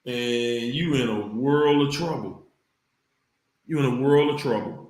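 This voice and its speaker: Man, livestream host, unhurried delivery, repeats himself, preachy, loud exclamations, roomy echo. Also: mid-range voice. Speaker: livestream host reading viewer comments. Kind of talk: casual livestream talk.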